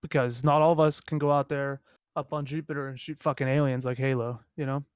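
A young man hosting a casual podcast who rambles through his points, full of fillers and quick laughs. His voice sits at a middle pitch, and the recording is dry and close. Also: little pitch movement, clean tone, no room sound. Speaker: podcast host. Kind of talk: casual chat.

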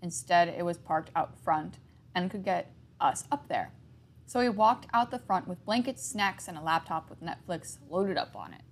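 Gravelly woman reading a horror story. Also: lowish voice, animated, normal speed. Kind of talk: first-person horror story narration.

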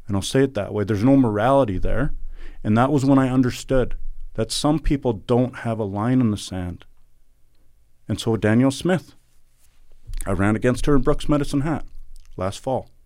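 A man's voice: mid-range voice, normal speed, pauses often, a little mellow, dry recording, studio quality. A middle-aged man from Alberta, Canada, a podcast guest recounting events in an earnest, indignant and emphatic way. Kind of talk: conversational interview storytelling.

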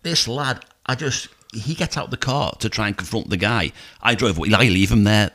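A man's voice: medium pitch, fairly quick, hardly any pauses. A middle-aged man with a Scouse accent, a podcast host and taxi driver telling stories in casual chat, acting out voices as he goes. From Liverpool, England. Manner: animated storyteller who acts out voices.

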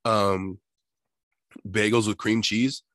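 Laughing low-voiced man chatting. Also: slow pace, dry recording, studio quality. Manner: laughing, self-mocking storyteller with lively quoted voices. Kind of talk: casual chat.

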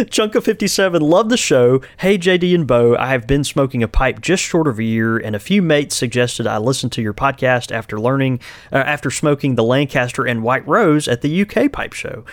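A man with an American accent co-hosting a casual podcast, friendly and quick to laugh. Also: medium pitch, big pitch swings, no echo. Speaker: podcast co-host.

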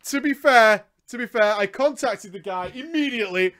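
High-voiced excitable streamer. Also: male voice, moderate pace, few pauses. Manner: excitable, swears freely, rants in bursts. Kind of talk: casual live-stream chat.

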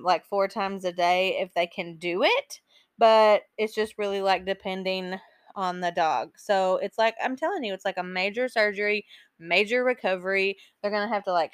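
Woman podcast host rambling through a story, lots of likes and ums, mid pitch, dry close sound. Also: fairly bright tone, clear, resonant tone, no echo. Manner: chatty, emotional storytelling full of "like" and "um". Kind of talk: casual podcast chat.

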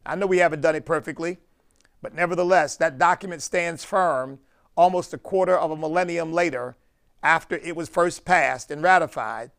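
A preacher man from the United States delivers a sermon, his voice gravelly with fry. He leans hard on key words and stretches them out for emphasis. His voice sits a bit high for a man. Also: fairly bright tone. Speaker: pastor.

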